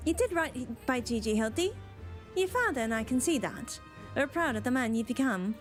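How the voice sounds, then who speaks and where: A woman's voice: high voice, expressive, moderate pace. A woman voicing a proud, affectionate mother speaking to her grown son, over faint game music.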